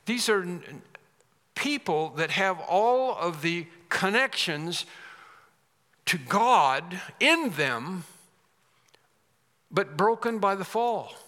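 A man's voice: high-pitched, lively intonation, drawn-out words, pauses often, sharp tone. A man preaching a sermon, speaking emphatically and repeating phrases for effect. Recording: long hall reverb.

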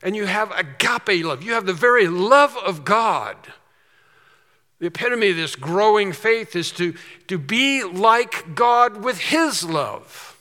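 A man's voice: high voice, animated, slow pace, bright, forceful tone, long reverb tail. A man preaching an expository sermon, asking questions and answering them with emphasis. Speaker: pastor.

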